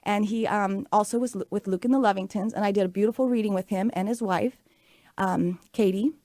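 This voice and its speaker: A woman's voice: mid-range voice, steady tone, brisk, dark tone, dry recording. A woman in her late forties hosting a talk show, telling stories in a chatty, upbeat way with many fillers. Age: 40s. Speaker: radio show host. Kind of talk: casual talk show monologue.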